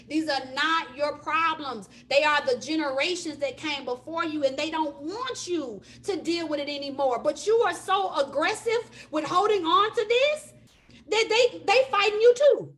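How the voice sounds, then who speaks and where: A woman's voice: high-pitched, measured pace, fairly bright tone. A woman leading a live astrology class in an emphatic, preachy manner, repeating her points and checking in with "okay?". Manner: repetitive, building emphasis. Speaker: astrology teacher. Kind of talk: live motivational spiritual class.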